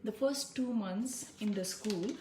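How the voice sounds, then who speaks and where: A woman's voice: medium pitch, a little slow, a little mellow. Indian woman coaching in a kitchen. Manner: coaxing, checks understanding often. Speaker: Ayurvedic physician teaching cooking. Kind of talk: casual cooking lesson. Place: home kitchen. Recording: roomy kitchen with background noise.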